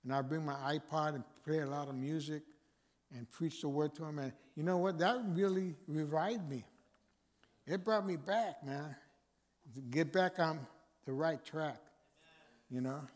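A man's voice: a little high, a little slow. A man speaking as a guest chaplain, preaching informally to a men's meeting with repeated phrases and fillers. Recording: long reverb of a hall.

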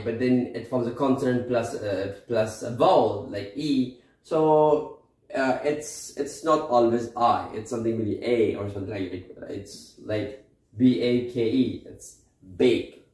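Male teacher, slow careful explanation, echoey room. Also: mid-range voice, darkish tone. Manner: slow explanatory teaching, frequent "okay?" and "right?" checks. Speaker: English teacher. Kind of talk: recorded online English lesson.

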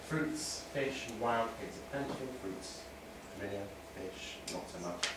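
A man's voice: fairly low pitch, measured pace, very noisy. A man teaching a literature lesson to a class, chatty with wry asides. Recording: echoey classroom from far off.

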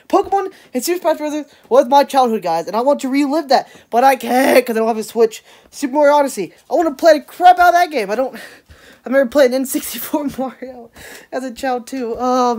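Rambling woman vlogger, higher voice. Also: darkish tone. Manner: rambling, laughing asides, "hashtag" quips. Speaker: daily vlogger. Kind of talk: casual vlog chat.

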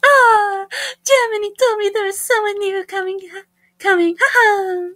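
A woman's voice: a little slow, dry recording, clean studio sound, full character voice. A woman voicing a cheerful, bubbly young Italian man, chirpy and giggly. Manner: high excited chirpy, giggly.

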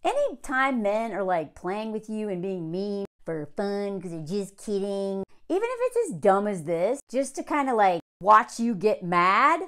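A woman's voice: mid-range voice, big pitch swings, measured pace, hardly any pauses, a bit bright. A woman giving a blunt, sarcastic movie review in a casual vlog, sometimes mimicking the characters. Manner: mocking impressions of characters.

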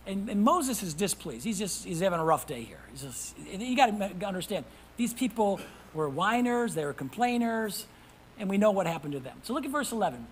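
A man preaching a sermon as pastor. He reads scripture aloud, calls out to the congregation for responses, and swings from hushed whispers to loud emphasis. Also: sits high, sing-song, brisk, a little hiss or hum, poor audio. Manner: reads scripture in old-fashioned wording.

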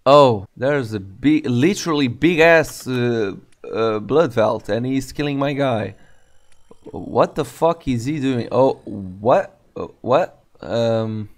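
Gamer, male, mid-pitched, swears freely and mocks the characters as he plays. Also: slow pace. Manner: profane, excitable, mocking. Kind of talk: gameplay commentary.

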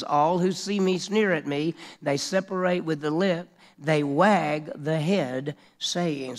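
A middle-aged male pastor preaching an expository sermon, raising his voice to act out the mocking crowd. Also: on the high side. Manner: expository preaching, acts out mockers with raised voice.

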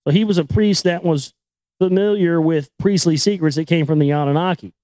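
A man with a fairly high, mellow voice reads a book aloud a little quickly, adding casual commentary and irreverent asides. He often stumbles over names and words and corrects himself. The rough recording has no room sound.

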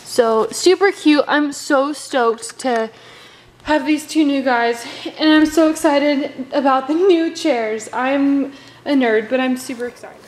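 A woman's voice: sits high, slow pace, darkish tone, a little hiss or hum, low-quality recording. A woman chatting casually and enthusiastically about her doll purchases. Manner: enthusiastic, chatty, many fillers. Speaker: doll collector vlogger. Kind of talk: casual chat.

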